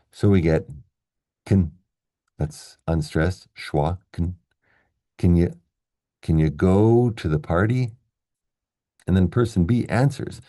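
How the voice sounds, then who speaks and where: A man with a very low voice explains a language lesson step by step, patient and steady. His voice is dark and gravelly with fry, and the close recording is dry with no room sound. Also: no room sound. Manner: patient, steady, spells out each word slowly. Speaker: English teacher.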